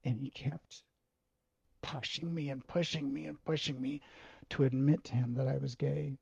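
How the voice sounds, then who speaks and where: A man telling a personal story in a halting, emotional way, swearing freely. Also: medium pitch, fairly even intonation, creaky, darkish tone, slightly rough, no echo. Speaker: video host.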